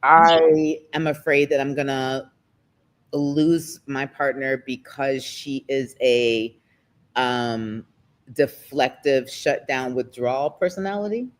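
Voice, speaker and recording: A woman, a guest talking candidly in an interview, emotional and close to tears, her pace speeding up and slowing down. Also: very deep voice. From United States. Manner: emotional, expressive, quick shifts in pace. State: near tears.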